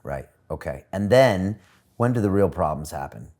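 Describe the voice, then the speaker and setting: A man's voice: deep voice, animated, moderate pace, a little mellow. A man hosting an interview, asking probing questions and summing up what his guest says. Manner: probing, summarizing. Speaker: interview host.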